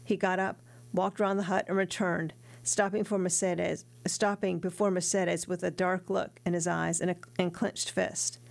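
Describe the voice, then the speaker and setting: A woman narrating a classic novel aloud in a steady, earnest reading voice. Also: on the low side, moderate pace, vocal fry. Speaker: audiobook narrator.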